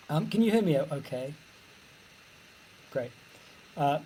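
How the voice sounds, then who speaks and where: An author reading his own novel aloud over a video call, measured and even. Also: a little high, a little hiss or hum, poor audio.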